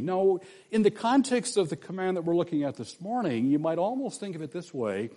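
A man delivers a Sunday sermon in a loose, conversational way, often turning to the congregation with questions. His voice is slightly high for a man and very lively in pitch. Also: fairly quick. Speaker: pastor.

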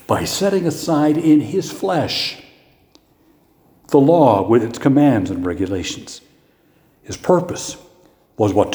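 A pastor with a warm, medium-pitched voice preaches a sermon in an echoey hall with long reverb. His style is conversational, sprinkled with rhetorical questions.

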